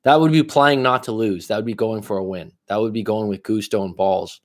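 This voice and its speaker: A man giving casual coaching advice on a livestream, blunt and profane. He speaks straight to one viewer, swinging between loud emphasis and low asides. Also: steady tone, fairly quick. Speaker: life coach.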